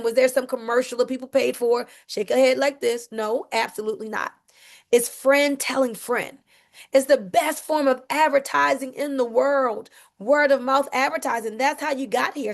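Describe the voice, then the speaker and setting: A woman giving an energetic sales presentation, talking straight to her audience. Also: fairly high pitch, moderate pace, creaky.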